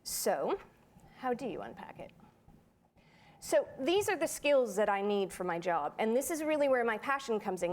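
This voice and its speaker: A woman voice actor giving a lively, playful talk on a conference panel. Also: a little high, normal speed. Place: conference hall.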